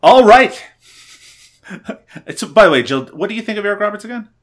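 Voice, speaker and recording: A man's voice: high-pitched, lively intonation, fast talker, fairly bright tone. A man in his thirties hosting a comedic podcast, chatting in a jokey, self-mocking way. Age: 30s. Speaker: podcast host. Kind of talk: casual comedic podcast chat.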